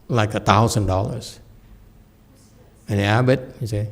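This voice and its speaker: A man's voice: mid-range voice, moderate pace, creaky, long pauses. A man giving a dharma lecture in a temple hall, telling stories with folksy, self-deprecating humor and frequent checks of "okay?". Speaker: Buddhist teacher.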